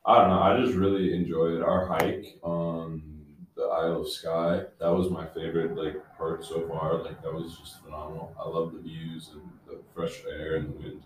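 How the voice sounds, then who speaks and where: A man's voice: a bass voice, little pitch movement, normal speed, few pauses, a little hiss or hum. A young man chatting casually with a student group, hesitant and full of fillers. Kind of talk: casual chat. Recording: very echoey room, far from mic.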